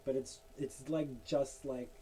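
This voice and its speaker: A man's voice: medium pitch, fairly even intonation, slow, dark tone, a little hiss or hum, low-quality recording. A young man in a casual monologue while drawing, rambling and venting his frustrations. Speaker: art vlogger.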